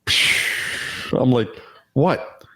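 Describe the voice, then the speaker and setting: A man co-hosting a casual podcast, telling profane, animated stories and acting out the voices in them. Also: very slow. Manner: profane, animated storyteller who acts out voices. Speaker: podcast co-host; former youth football coach. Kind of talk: casual chat, storytelling.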